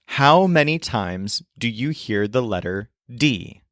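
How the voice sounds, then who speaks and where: A man teaching in a language lesson video, explaining clearly and modeling sounds slowly. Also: medium pitch, animated, a bit bright, dry recording, clean studio sound. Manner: clear, demonstrative, slows to model pronunciation.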